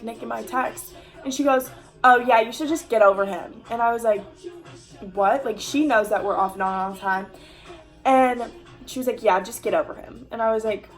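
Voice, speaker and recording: A woman's voice: on the high side, rough recording. A young woman telling a casual storytime, chatty and full of "like" fillers and swearing, acting out the lines of the people in her story.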